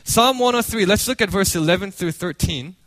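A man preaching a sermon as a pastor, telling a story in an animated way with many restarts. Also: sits high, fairly quick, no room sound.

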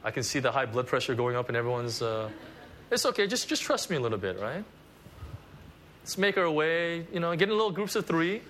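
A man preaching a conversational sermon at a church service, animated and full of asides. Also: a little high, brisk, a little hiss or hum. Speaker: pastor.

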